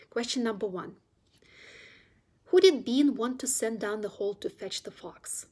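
Gentle woman storybook reader who sometimes drops almost to a whisper; airy tone. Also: fairly high pitch, expressive, moderate pace, slightly rough. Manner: gentle and soft, drifting into near-whispers. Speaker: children's book reader. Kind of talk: reading a storybook aloud.

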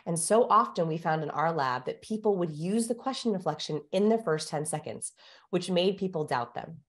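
A woman speaking as a guest expert in an interview, explaining ideas in an animated, teacherly way, speeding up and slowing down for emphasis. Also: fairly low pitch.

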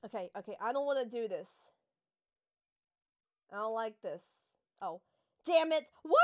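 A young woman playing a horror game and commenting on it, excitable and nervous, swearing often. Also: a little high, unhurried, long pauses. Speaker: gaming video creator.

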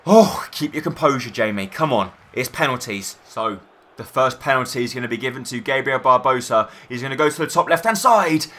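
A young man commentating his own football video game match, shouting in bursts at goals and misses. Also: medium pitch, lively intonation, fairly quick. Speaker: gaming YouTuber.

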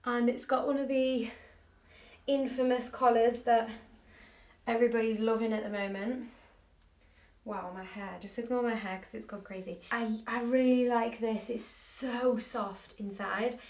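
Young woman vlogger, chatty and bubbly, slightly high voice, echoey room, mic set back. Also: steady tone, unhurried, a little mellow. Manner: chatty, bubbly, hyped up on coffee. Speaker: fashion vlogger. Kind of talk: casual try-on haul chat. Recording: roomy echo, distant mic, faint noise.

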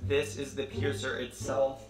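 A man's voice: medium pitch, monotone, measured pace. Nervous, dramatic young man vlogging. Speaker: vlogger doing a home tutorial. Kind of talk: casual tutorial vlog. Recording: roomy with music behind.

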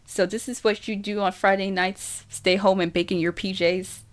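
A woman's voice: mid-range voice, flat delivery, normal speed, lightly acted. A woman voicing a cocky, teasing teenage boy in an audiobook reading, in a playful, lightly mocking way.

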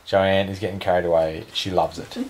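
A man's voice: low-pitched, level tone, fairly quick, darkish tone, rough recording. A man, casually chatting to camera in a family vlog at home, playful and talkative. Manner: playful baby talk, chatty. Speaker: vlogger. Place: home bedroom at night.

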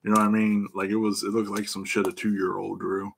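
Gravelly, profane man chatting on a live stream. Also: lowish voice, completely flat delivery, fairly quick, a little hiss or hum. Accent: American Midwest. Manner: rowdy, profane, laughs often, greets viewers by name. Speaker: livestream host and EFI tuner. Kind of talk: casual live-stream chat with viewers.

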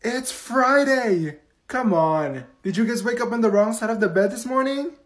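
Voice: mid-range voice, expressive, normal speed, lightly acted. Relentlessly upbeat woman teacher, as the skit's performer puts her on, sing-song and patient. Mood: peppy. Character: overly cheerful woman schoolteacher. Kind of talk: comedy skit role-play.

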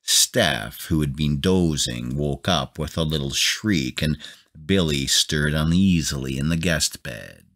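A man calmly narrating a novella as a bedtime audiobook reading. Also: rumbling low. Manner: calm, measured.

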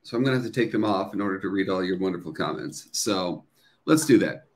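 A man's voice: low-pitched, expressive, quick pace, slight background noise. A middle-aged man hosting a casual livestream, chatting upbeat with viewers, greeting them and reading their comments aloud with plenty of fillers. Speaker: livestream host.

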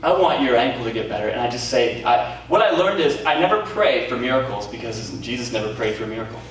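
A man preaching a sermon as pastor, telling stories with lively energy, acting out quoted voices and laughing often. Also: mid-range voice, fast. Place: community centre hall. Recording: very echoey hall, voice from far off, faint noise.

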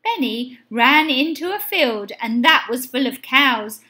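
A woman teacher reading a children's picture book aloud in an expressive, sing-song way. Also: sits high, measured pace. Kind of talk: storybook read-aloud.

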